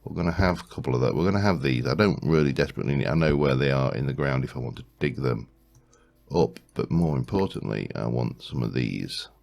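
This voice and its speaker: Low rumbly guy rambling thru his let's play, lots of restarts. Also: animated, fast, creaky, a little mellow. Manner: rambling, musing aloud with frequent restarts. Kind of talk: casual gameplay commentary.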